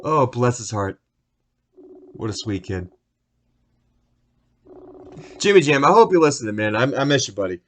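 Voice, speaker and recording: A young man hosting a solo podcast, ranting about sports in a profane, rambling, excitable way. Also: mid-range voice, a little fast. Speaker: podcast host.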